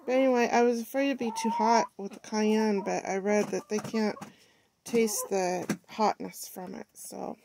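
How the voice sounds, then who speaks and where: A woman's voice: mid-range voice, fairly even intonation, a little slow, creaky. A woman keeping backyard hens, chatting casually on a phone video about how she feeds them, with hens heard nearby. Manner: coos to her hens in a sing-song baby voice between plain explanations. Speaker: backyard chicken keeper. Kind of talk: casual vlog chat. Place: outdoors by a chicken coop. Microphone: handheld phone. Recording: noisy outdoor phone recording. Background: hens clucking.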